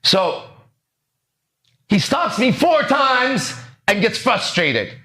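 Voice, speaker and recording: A man in his forties hosting a podcast, telling a story in a lively way that acts out the voices and keeps checking in with the listener. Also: very high-pitched, extremely slow. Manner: animated, acts out quoted lines, keeps checking in with "right?". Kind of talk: casual storytelling.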